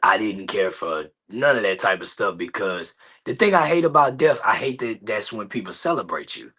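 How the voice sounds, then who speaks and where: A young man with a low voice that still comes through bright and forceful. He talks in a laid-back, halting way, filling gaps with ums and uhs, as a guest on a casual interview show. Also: lively intonation, husky. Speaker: guest, son of a late rapper.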